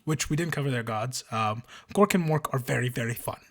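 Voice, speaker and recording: A man co-hosting a casual podcast, rambling with loud enthusiastic bursts as he explains things. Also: mid-range voice, a little fast. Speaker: podcast co-host.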